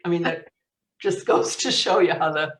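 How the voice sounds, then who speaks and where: A middle-aged woman author telling funny family stories as a guest, with a lively anecdotal manner and easy laughter. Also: fairly low pitch, moderate pace. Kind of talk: storytelling in conversation. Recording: roomy echo, distant mic.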